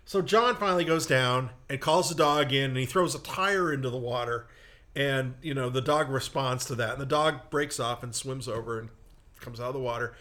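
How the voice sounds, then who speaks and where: Bright-voiced man telling a rambling story. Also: medium pitch, normal speed. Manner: rambling anecdote with self-mocking asides. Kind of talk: casual storytelling on a comedy talk show.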